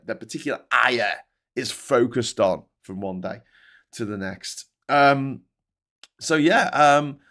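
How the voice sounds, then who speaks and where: A man's voice: mid-range voice, a bit bright. A British man hosting a live stream, chatting casually and rambling, with lots of restarts and asides. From Britain. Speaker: host of a live stream show.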